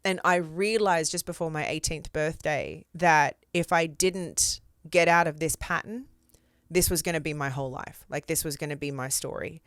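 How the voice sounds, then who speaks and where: A woman's voice: low-pitched, normal speed, fairly bright tone, no echo, clean studio sound. A woman from Australia with an Australian accent, telling stories candidly and expressively as an interview guest, with casual fillers.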